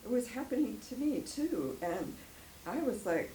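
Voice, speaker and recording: Her voice on the high side, sing-song and mellow at a measured pace, an older woman shares an emotional personal testimony as a church guest speaker. She laughs often and rambles a bit in the church hall, where the recording has echo and faint noise.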